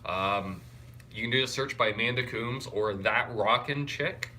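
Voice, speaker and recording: In a hotel room, a young Canadian livestreamer greets his audience and reads comments aloud in a casual, wired-yet-tired way. He speaks at a medium pitch and a measured pace, with a little hiss or hum audible.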